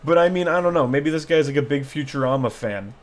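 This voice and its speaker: A man with a fairly high voice talks casually through a reaction video for his channel. He rambles, restarts and fills gaps with fillers. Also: a little fast. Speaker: YouTube vlogger.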